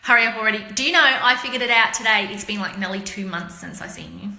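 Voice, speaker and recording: A woman's voice: mid-range voice, expressive, quick pace, gravelly, sharp tone. An Australian woman hosting a casual live chat, talking to her viewers by name in a rambling, slangy, chatty way. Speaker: livestream host chatting with viewers. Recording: roomy echo.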